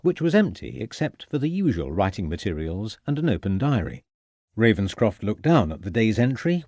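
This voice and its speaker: Dude reading a victorian mystery audiobook, really lively pitch, super dry close mic. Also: male voice, no echo. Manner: expressive, voices each character. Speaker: audiobook narrator. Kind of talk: scripted narration.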